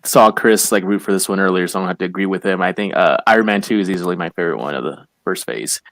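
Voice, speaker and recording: A man's voice: low-pitched, very fast, fairly bright tone, dry recording. A man co-hosting a casual movie discussion, earnest and hesitant, with many fillers. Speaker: co-host.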